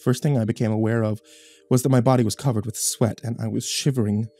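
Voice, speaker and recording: A man's voice: mid-range voice, fairly even intonation, fast talker, dark tone, faint music behind. A man narrating a first-person horror story in a tense, dramatic reading.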